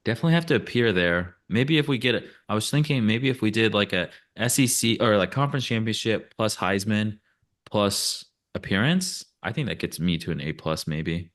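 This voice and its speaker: Deep-voiced man chatting football. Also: moderate pace. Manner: relaxed, hesitant with many fillers. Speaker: podcast co-host. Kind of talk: casual sports chat.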